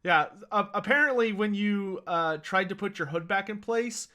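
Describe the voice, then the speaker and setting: A man running a tabletop role-playing game as game master. His narration is lively and descriptive, and his voice is high and bright. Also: moderate pace.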